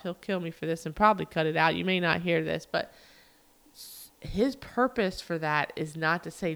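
A woman's voice: lowish voice, moderate pace, fairly bright tone. A middle-aged woman talking casually and earnestly as a podcast co-host, rambling with frequent fillers. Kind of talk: casual heartfelt monologue.

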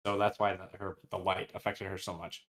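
A man's voice: low-pitched, level tone, fairly quick, a bit bright. A man chatting casually on a podcast, retelling book scenes in a loose, slangy way and briefly voicing the characters' lines. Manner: loose, slangy, with many fillers and restarts. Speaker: podcast co-host. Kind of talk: casual book recap chat.

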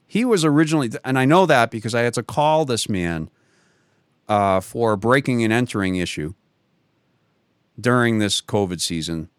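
A man's voice: medium pitch, expressive, normal speed, clear, resonant tone, dry recording. Rambling man with a dry close sound. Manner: rambling, many restarts and self-corrections; chuckles often while telling the story. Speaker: guest. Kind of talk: casual personal storytelling.

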